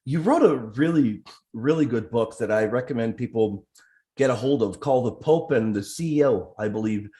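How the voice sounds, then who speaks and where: A man's voice: medium pitch, moderate pace, warm tone. A man hosting a casual live interview, effusive and heavy with praise for his guest. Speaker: interview host.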